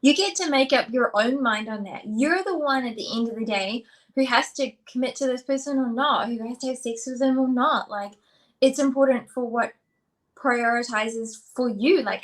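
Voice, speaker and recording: Co-hosting a relationship talk show, this woman, a relationship expert, speaks at a moderate pace in a slightly high voice. She chats casually, uses many fillers and acts out little quotes.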